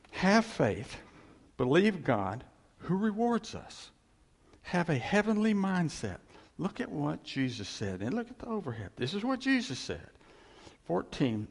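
Animated preacher in a reverberant hall. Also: male voice, on the high side. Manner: animated, conversational preaching with sudden loud and soft turns. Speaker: pastor. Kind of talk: sermon.

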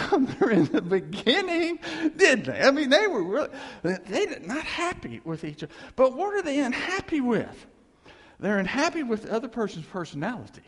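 A man giving a lively, jokey lecture, acting out characters in his examples, recorded in a reverberant hall. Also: high voice, gravelly. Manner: animated, jokey, acts out characters. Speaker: seminar speaker.

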